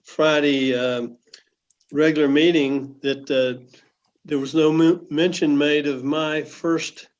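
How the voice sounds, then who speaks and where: A man chatting on an online astronomy session, speaking haltingly with many fillers. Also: on the high side, steady tone, dull audio. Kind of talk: casual online chat. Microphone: online call mic.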